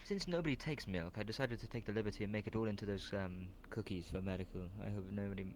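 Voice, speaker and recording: A man's voice: fairly low pitch, quick pace, darkish tone, a little hiss or hum. A man playing a chipper, polite ship's chef in a VR roleplay, serving breakfast. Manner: chipper, polite server, makes beep-boop noises. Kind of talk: VR roleplay, in-character chat.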